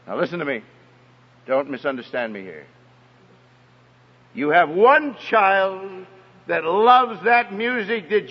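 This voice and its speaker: A man telling a personal story in an emphatic sermon style and speaking straight to the parents in his audience. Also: sits high. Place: hall with an audience. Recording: echoey hall, dull lo-fi sound.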